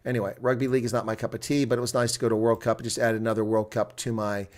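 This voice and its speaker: A middle-aged man calling a rugby match live from his own desk. He swings from loud, excited shouts at big plays to easy, rambling chat, reading viewer comments aloud. His voice sits at an ordinary middle pitch. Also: very fast. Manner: erupts into loud excited shouts at big plays, then settles into chatty talk. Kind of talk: live play-by-play and color commentary.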